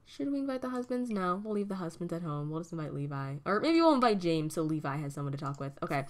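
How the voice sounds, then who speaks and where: A woman's voice: sits low, expressive, fast talker. A young woman casually commenting on a video game as she plays, chatty and giggly, often laughing at what happens on screen. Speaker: gaming video host. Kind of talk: casual let's-play commentary.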